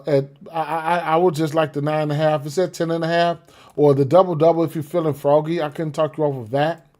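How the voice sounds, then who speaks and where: A man's voice: on the high side, dark tone. A man talking through sports bets casually, rambling with repeated fillers and frequent "right?" check-ins. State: has the hiccups. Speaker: sports betting podcaster. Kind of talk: casual betting analysis talk.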